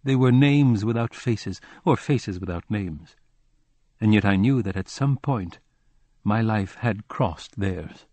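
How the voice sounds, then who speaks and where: A man narrating a literary audiobook in a measured, somber first-person reading. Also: on the low side, expressive, darkish tone, dry recording.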